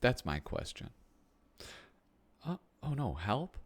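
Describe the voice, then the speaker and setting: A man's voice: on the low side, big pitch swings, unhurried. A man hosting a casual flip-through of a magazine, rambling and thinking aloud with many ums. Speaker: host. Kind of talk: casual chat while flipping through a magazine.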